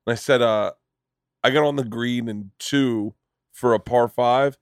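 A man's voice: mid-range voice, steady tone, unhurried, smooth, dry recording, clean studio sound. A man hosting a casual podcast chat, telling loose, profane stories. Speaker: podcast host.

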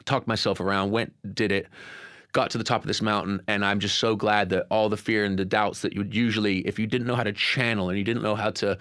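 A man with a lowish voice tells his story with candid earnestness. He leans into repeated phrases for emphasis and keeps an open, confessional tone. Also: steady tone, fast talker, a bit bright, smooth. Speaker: podcast guest.

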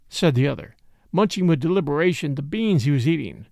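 A man narrating a classic adventure story as an audiobook, in an expressive storytelling manner. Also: a little high, fairly quick, gravelly, no room sound, studio quality. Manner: expressive storytelling with varied character voices. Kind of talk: audiobook reading.

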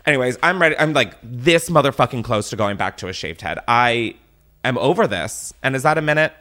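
Animated, swearing male podcast host. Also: medium pitch, brisk. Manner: animated, exasperated ranting with frequent swearing. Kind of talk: casual podcast rant.

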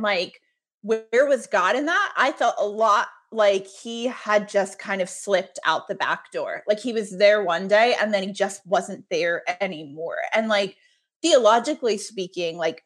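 Casting note: woman guest, earnest and reflective, loose chatty phrasing, middle pitch. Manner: earnest, reflective, many "like" fillers. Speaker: podcast guest, author. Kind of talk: casual conversation.

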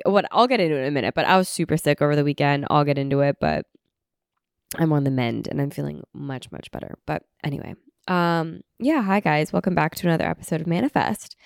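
A woman's voice: on the low side, gravelly, clean tone, no room sound, clean studio sound. A young woman hosting a podcast in a casual, chatty way, sounding a little congested as she gets over an illness. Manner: chatty, uses "like" and "um" often. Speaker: podcast host.

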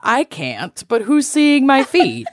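A woman's voice: high-pitched, huge pitch swings, slow, dry recording. A woman co-hosting a podcast, bubbly and self-mocking in casual chat. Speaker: podcast co-host.

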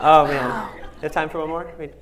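A woman hosts a casual question round with an author, chatty and quick to laugh. Her voice sits very low. Faint noise runs underneath. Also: rough recording. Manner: chatty, laughing, loose phrasing. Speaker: interviewer. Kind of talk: casual audience Q&A.

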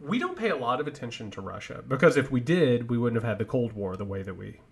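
A man's voice: mid-range voice, animated, quick pace, creaky, slightly rough. A man from Indiana co-hosting a political podcast, making emphatic points with rhetorical questions. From Indiana, United States. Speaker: podcast co-host.

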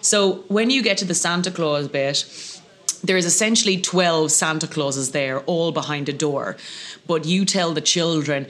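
A woman in her thirties, a comedian guest telling lively comic anecdotes over lunch and slipping into voices. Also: low-pitched, moderate pace.

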